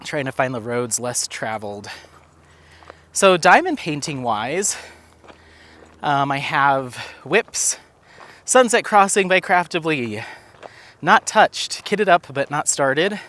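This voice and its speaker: A man's voice: on the high side, lively intonation, slow, long pauses, fairly bright tone. A man chatting casually for his crafting vlog while walking outdoors, rambling with many fillers and coaxing his dog in a playful, raised voice. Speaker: crafting vlogger. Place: outdoors on a walk.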